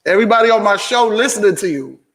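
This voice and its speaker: A man's voice: high-pitched, animated, fast talker, fairly bright tone, big-room sound. A man hosting a casual vlog and Q&A at home, teasing and laughing, then explaining things plainly. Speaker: host.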